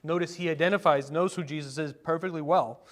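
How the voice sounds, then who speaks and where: Animated preaching man, fairly high voice. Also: fairly quick. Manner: animated, with rhetorical questions and bursts of excitement; conversational preaching with asides and fillers. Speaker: pastor. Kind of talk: sermon.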